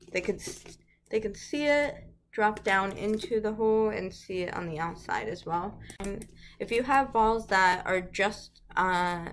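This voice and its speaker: A woman hosting a children's lesson video, talking gently to small children and making sing-song animal noises. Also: medium pitch, a little hiss or hum. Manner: slow, bright voice, sing-song animal noises for little ones. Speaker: early childhood teacher.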